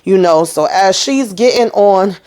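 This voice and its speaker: A woman's voice: medium pitch, expressive, unhurried, a little mellow. A woman recapping a TV episode in a casual, emphatic way, tagging her sentences with "you know" and "okay". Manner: chatty, emphatic, acts out characters' lines. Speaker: TV recap host.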